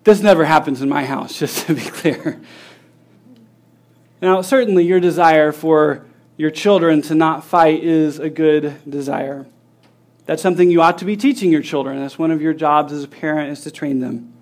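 A man's voice: a little high, normal speed. A man preaching a sermon, teaching earnestly with rhetorical questions and acting out everyday scenes. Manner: acts out scenes with lively voices.

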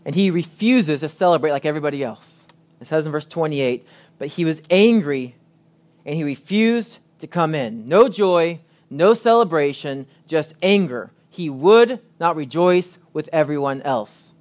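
A man delivering a sermon in an earnest preaching manner, his voice sitting a little on the high side. He reads scripture aloud and drives home each point with deliberate pauses. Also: lively intonation, a little mellow.

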